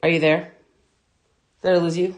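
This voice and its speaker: A woman's voice: lowish voice, flat delivery, moderate pace, darkish tone. A woman fitness instructor chatting to viewers during a live workout class, laughing often and talking straight to them. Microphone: phone at a distance. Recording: echoey room, phone mic far off.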